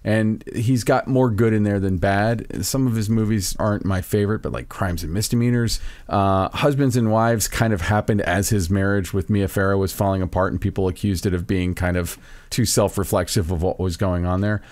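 A man's voice: fairly low pitch, normal speed, a little mellow, no echo. A man co-hosting a podcast, talking casually and eagerly about films, rattling off titles with a few stammered restarts. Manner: film-buff enthusiasm, lists titles, stammered restarts. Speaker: podcast co-host. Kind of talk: casual chat.

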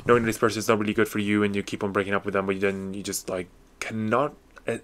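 A young man with a slightly low voice hosts his own podcast, chatting loosely about music he loves. He gushes with casual slang and leans on fillers as he thinks aloud. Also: flat delivery, quick pace, a bit bright. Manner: enthusiastic, full of fillers and slang. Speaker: podcast host. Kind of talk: casual music review monologue.

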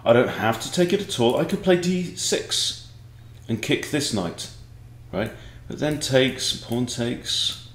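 A man's voice: medium pitch, very animated, takes it slowly, fairly bright tone. A man teaching chess in a casual online lesson, rambling and joking with digressions. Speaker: chess coach. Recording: echoey room.

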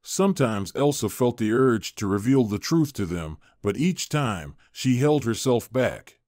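A man reading a story aloud in a measured, even manner. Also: medium pitch, no room sound, studio quality. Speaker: narrator. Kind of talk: scripted narration.

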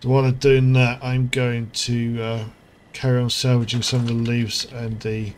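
A man's voice: medium pitch, monotone, moderate pace, slight background noise. A man, hosting a casual gameplay commentary, chatty and rambling, with lots of fillers and asides. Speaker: gaming channel host. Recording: music playing underneath.

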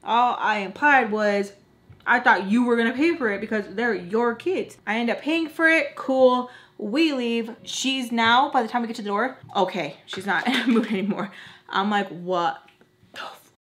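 A young woman vlogger casually telling a storytime while doing her makeup, animated and exasperated, acting out the voices in her quotes. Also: a little high, normal speed, a little hiss or hum.

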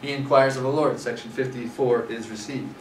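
A fairly quick, steady-toned male voice at medium pitch delivers a scripture class lecture as conversational storytelling peppered with fillers. The microphone sits far away, leaving a distant, roomy recording with background noise.

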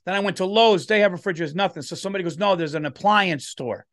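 Animated high-voiced man telling a story. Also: fast talker. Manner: animated storyteller doing voices of people he quotes. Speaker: comedian podcast co-host. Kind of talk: casual storytelling chat.

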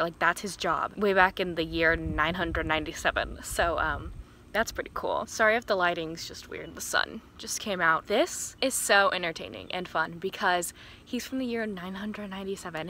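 A young woman in her early twenties with a bright, clear voice, chatting about a book she loves. She is giggly and peppers her talk with "like", with faint ambient noise around her. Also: mid-range voice. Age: early 20s. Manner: chatty, giggly, heavy use of "like". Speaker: book vlogger. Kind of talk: casual chat about a book. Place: outdoors in sunlight.

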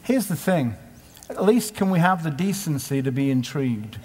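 A man's voice: on the high side, animated, normal speed, a little mellow, a little hiss or hum. A man preaching at a conference in a conversational way, asking many rhetorical questions. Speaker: conference speaker. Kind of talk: sermon. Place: conference hall. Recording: live hall with long reverb.

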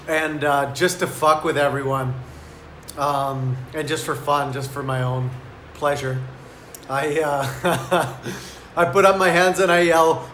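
A man's voice: a little high, little pitch movement, normal speed, fairly bright tone, reverberant, slight background noise. A man telling a story in a casual vlog, laid-back and rambling, with lots of "like". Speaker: vlogger.

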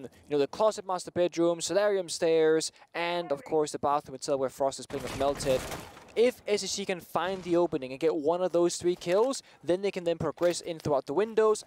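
A man's voice: on the high side, a little fast, darkish tone, a little hiss or hum. A man giving chatty, explanatory color commentary on an esports match. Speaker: esports analyst.

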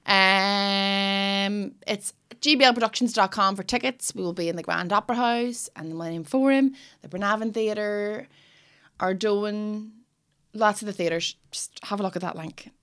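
A woman's voice: mid-range voice, moderate pace, fairly bright tone, clean tone. A woman hosting a podcast, chatty and teasing, laughing often. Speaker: podcast host. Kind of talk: casual chat.

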